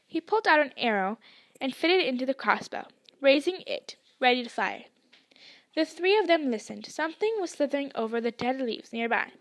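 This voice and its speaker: A woman narrating a book chapter aloud in a hushed storytelling manner. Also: high-pitched, sing-song, moderate pace. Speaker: podcast reader. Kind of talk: audiobook narration.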